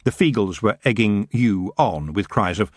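A man narrating a fantasy audiobook in a lively storytelling manner. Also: lowish voice, normal speed, dry recording, studio quality. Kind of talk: scripted narration.

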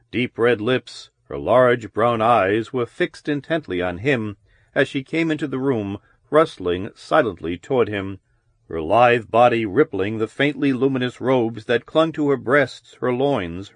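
A man giving measured, descriptive audiobook narration of a novel. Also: medium pitch, no room sound.

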